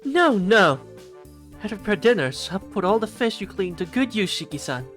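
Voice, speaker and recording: Man doing a chirpy visual-novel maid: young, teasing, sing-song, pitched up, lots of bounce. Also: sing-song, fairly quick, a bit bright, faint music behind. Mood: cheery teasing.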